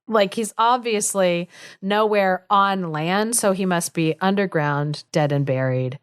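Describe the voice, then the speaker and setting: A woman's voice: mid-range voice, expressive, measured pace, smooth, no echo, clean studio sound. A woman co-hosting a podcast who retells a fairy tale in a chatty way, full of asides and "like", laughing often. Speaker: podcast co-host. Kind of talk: casual storytelling chat.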